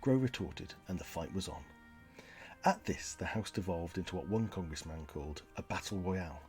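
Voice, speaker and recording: A man with a low voice hosts a comedy podcast. He delivers his jokes and history bits in a deadpan, mock-earnest way. Faint music plays behind him. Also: moderate pace. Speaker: podcast host.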